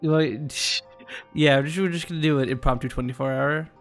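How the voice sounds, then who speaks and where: A man hosting a casual stream, easygoing and quick to laugh, often repeating words. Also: a little high, steady tone, soft background music. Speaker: streamer host.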